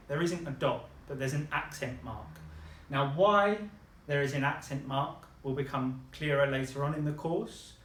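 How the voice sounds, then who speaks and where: Brief: male tutor, a bit high-pitched, patient and encouraging, recorded in an echoey room. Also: fairly bright tone. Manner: patient, encouraging, models words slowly. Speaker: language teacher. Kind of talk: one-on-one language lesson.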